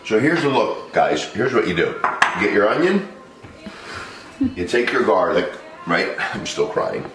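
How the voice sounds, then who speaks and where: A man's voice: on the low side, sing-song, a little slow, pauses often, echoey room, background noise. A man hosting a home cooking vlog, talking loosely and chatty to the camera and laughing often as he walks through the prep. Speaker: home cook vlog host. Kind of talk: casual cooking demonstration. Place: home kitchen.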